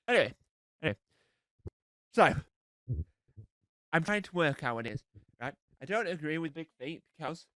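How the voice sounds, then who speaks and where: A man's voice: fairly high pitch, normal speed, pauses often, a bit bright, no room sound, poor audio. A man with a cold doing a rambling, self-deprecating live stand-up set. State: has a cold. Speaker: stand-up comedian.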